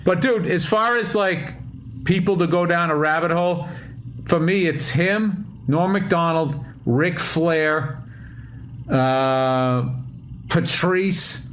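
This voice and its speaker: A man's voice: a little high, slow, a bit bright. Man musing on a video call. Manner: reflective, rambling, profane. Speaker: podcast host. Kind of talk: casual chat.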